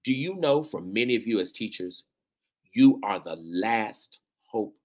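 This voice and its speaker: A man's voice: lowish voice, animated, unhurried. A man giving a fervent, preacher-like address to teachers, emotional and near tears at times, repeating phrases and calling out to the listeners.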